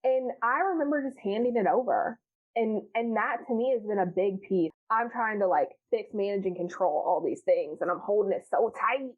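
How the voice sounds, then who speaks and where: A woman's voice: mid-range voice, normal speed. A woman chatting candidly as a podcast guest, frank and profane, laughing often and acting out her past self. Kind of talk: candid casual chat. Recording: tinny phone-like line.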